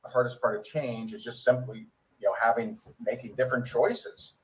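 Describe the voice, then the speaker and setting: A man's voice: medium pitch, fairly even intonation, normal speed, distant mic, rough recording. A man giving a motivational network marketing training in a preachy coaching manner. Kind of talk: recorded training talk.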